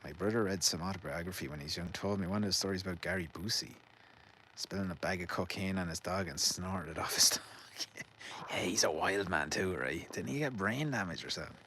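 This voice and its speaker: An Irish vlogger with a very low voice tells a rambling, cursing, casual story in a garden at a fairly quick clip and with a sharp edge. He's quick to laugh and keeps tripping on names. A faint outdoor hum sits behind the low-quality recording.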